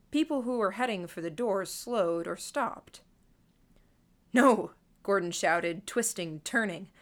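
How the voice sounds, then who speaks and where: A woman narrates a first-person novel at an even pace, observant and quietly wry. Her reading is measured and controlled, with a dry edge in the asides. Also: mid-range voice. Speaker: audiobook narrator.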